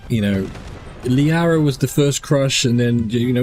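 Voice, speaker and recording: A man's voice: mid-range voice, unhurried, a little mellow, faint music behind. Tired, rambling male game streamer. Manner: rambling, musing aloud, answering chat questions. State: tired, yawning. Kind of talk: casual gameplay stream chat.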